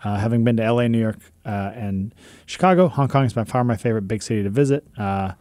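A man co-hosting a podcast, reading listener messages and telling stories in relaxed casual chat. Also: on the low side, quick pace, no echo, clean studio sound.

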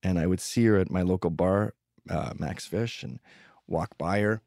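A man's voice: low voice, normal speed, gravelly, a little mellow, no room sound, clean studio sound. A man telling rambling, profane stories with sardonic humor in a comedic monologue. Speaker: podcast host telling stories.

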